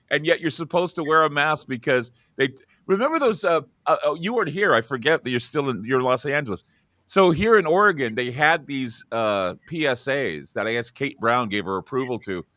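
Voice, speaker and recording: Man, talk show host, lively swinging pitch, dry close sound, animated casual chat. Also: dry recording. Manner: animated, voice jumps high when quoting people. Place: Oregon studio.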